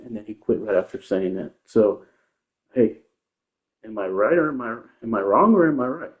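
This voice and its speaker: A man's voice: mid-range voice, normal speed. A man ranting casually about online opponents as a gaming streamer, rambling, defensive and repeating himself. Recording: tinny phone-like sound in an echoey room.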